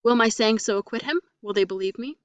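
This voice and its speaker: A woman reading the part of a cold, composed foreign wife who speaks with clipped, deliberate emphasis. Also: on the high side, no echo, far from the mic, highs cut off, close to an everyday voice. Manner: calm, clipped, coldly emphatic. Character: cold, foreign young wife, controlled and bitter.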